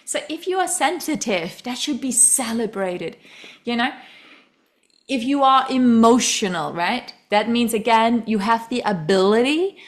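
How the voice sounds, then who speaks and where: A woman's voice: on the high side, lively intonation, a little slow. A woman hosting a podcast, chatting casually and emphatically, laughing often and speaking directly to listeners. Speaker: podcast host. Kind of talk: casual conversational podcast chat.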